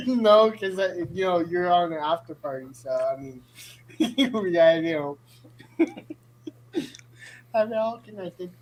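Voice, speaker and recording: A woman's voice: lowish voice, lively intonation, takes it slowly, pauses often, a little hiss or hum, low-quality recording. A woman co-hosting a casual live stream chat, playful and teasing, cracking jokes and laughing often.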